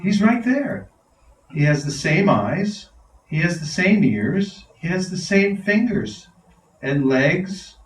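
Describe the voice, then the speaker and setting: A man voicing the god of death in the form of a calm, knowing five-year-old boy, gently insistent. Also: high-pitched, slow pace, voice pushed up, exaggerated voice. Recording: roomy hall, mic far off.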